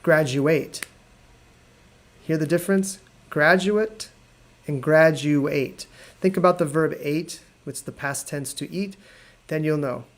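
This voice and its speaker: A man teaching an English lesson on a live video stream, explaining patiently and repeating words slowly. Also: on the high side. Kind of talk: live online language lesson.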